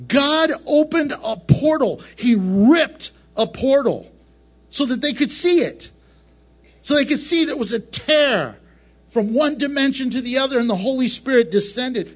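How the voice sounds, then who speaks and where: A man preaching a casual, joking Bible lesson to a camera, animated and prone to breaking off mid-sentence. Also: very high voice. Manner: animated, joking, self-interrupting. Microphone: camera mic up close.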